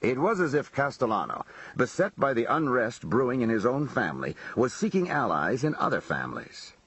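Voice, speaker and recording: A man narrating an audiobook in a measured, scripted reading. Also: medium pitch, big pitch swings, a bit bright, husky, no room sound.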